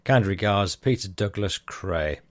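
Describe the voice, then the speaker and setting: A middle-aged man hosts a podcast and reads out listener messages in a relaxed, chatty manner. His voice sits low. The recording is dry and close, with no room sound. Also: measured pace, no echo. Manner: easygoing, chatty, self-deprecating. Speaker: podcast host. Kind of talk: reading listener messages aloud.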